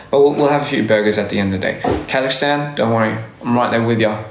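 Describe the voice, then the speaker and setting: A man talks casually into his phone on a livestream, rambling through shout-outs and restarting his sentences. His voice sits at a middle pitch. The sound is roomy and echoey. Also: fast, background noise. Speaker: livestreaming artist. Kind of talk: casual livestream chat to fans.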